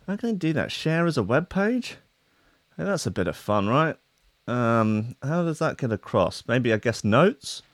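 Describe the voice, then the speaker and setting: A man's voice: medium pitch, sing-song, measured pace, no room sound. Man, radio host, rambling comic chat, swears a lot, dry close studio mic. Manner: rambling and sweary, with trailing asides.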